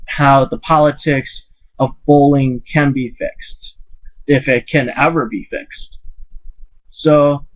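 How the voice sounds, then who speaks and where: A man's voice: medium pitch, fairly even intonation, slow pace, lo-fi sound. A man ranting bluntly in a vlog, exasperated and swearing now and then. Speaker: vlogger.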